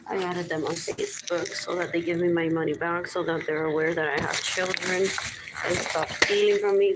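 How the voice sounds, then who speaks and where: A woman's voice: lowish voice, heavy background noise. A woman livestreaming a rambling monologue, muttering and repeating herself as she drifts between English and Spanish. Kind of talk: rambling live stream monologue.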